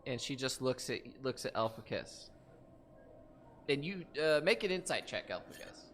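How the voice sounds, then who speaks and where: A man narrating as game master of a tabletop game, animated and a little stumbling. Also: mid-range voice, normal speed, slight background noise.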